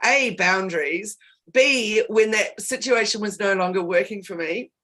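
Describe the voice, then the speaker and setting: A woman's voice: mid-range voice, a little slow, bright, forceful tone. Candid woman storytelling on a call. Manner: candid storyteller who laughs in the middle of sentences. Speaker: co-host. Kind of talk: casual chat on a live video call. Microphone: video call.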